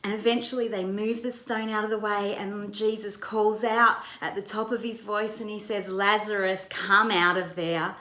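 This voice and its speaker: A woman's voice: mid-range voice, level tone, normal speed, few pauses, a bit bright, echoey room. Woman pastor retelling a Bible story. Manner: vivid retelling, acts out quoted lines.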